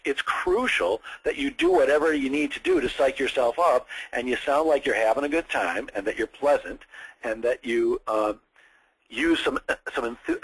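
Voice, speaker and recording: Medium-pitched and husky, this man runs a sales training session, though the recording quality is poor. His lecture is enthusiastic and chatty, his voice rising and falling a lot as he often restarts his sentences.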